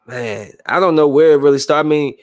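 A man's voice: on the high side, creaky, no room sound, clean studio sound. A man commenting casually on news headlines, reading them aloud and then rambling and venting about them in a loose, conversational way. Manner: rambling, loose, stops to react and vent; reads headlines aloud in a flatter tone. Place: room with a window.

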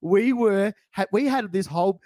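A man's voice: sits high, moderate pace, dark tone, dry recording. A man, co-hosting a podcast in casual banter. He tells stories playfully and acts out the quotes. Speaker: podcast co-host.

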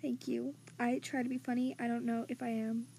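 A young woman with a high, light voice chats through listener comments on her home podcast, self-deprecating and casual. She now and then slips into soft whispers. A faint hum of household noise sits behind her voice. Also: little pitch movement, a little fast, vocal fry. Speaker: podcast host. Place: home room with vacuum running nearby. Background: faint vacuum noise.

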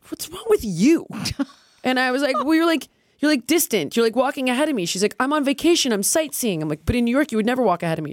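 A woman's voice: high voice, no echo, studio quality. A middle-aged woman hosting a podcast, talking candidly and animatedly, acting out what she and others said and swearing freely. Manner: animated, quotes herself and others in lively put-on voices, swears freely. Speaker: podcast host. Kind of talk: candid casual chat.

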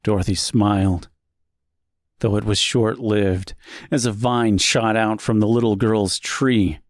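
A male narrator reading a dark tale slowly and deliberately, pausing to let each phrase land. The recording is dry and close, with no room sound. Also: on the low side, fairly even intonation, no echo. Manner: slow, deliberate, dramatic pauses. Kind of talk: scripted horror story narration.

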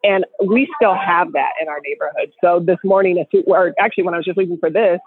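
A woman on a casual group call telling stories in an animated, joking way. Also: on the low side, fast, slightly rough, no room sound. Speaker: guest co-host. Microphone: phone. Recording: tinny phone line.

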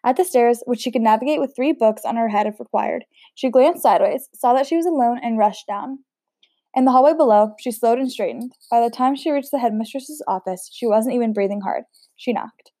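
A woman's voice: on the high side, a little fast, dark tone, dry recording, studio quality. A woman reading a novel aloud in a casual way, stumbling over words now and then and chatting between passages. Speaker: audiobook reader.

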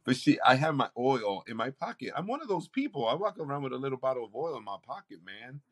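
A man, a campus pastor, telling a personal testimony in conversation, animated and acting out what others said. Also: mid-range voice, fast. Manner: animated storytelling, acts out quoted voices.

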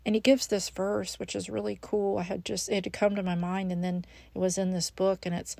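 A woman's voice: mid-range voice, level tone, fairly quick, creaky, warm tone, dry recording. A woman hosting a devotional podcast, speaking earnestly and encouragingly to the listener as a friend. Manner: frequent restarts and fillers. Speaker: podcast host.

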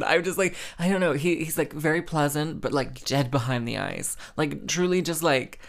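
A man hosts a solo podcast, a casual storytelling chat where he rambles, mocks himself, and fills his tales with fillers and dramatic asides. His voice runs on the high side with a creaky quality and a fairly bright tone, at a moderate pace.

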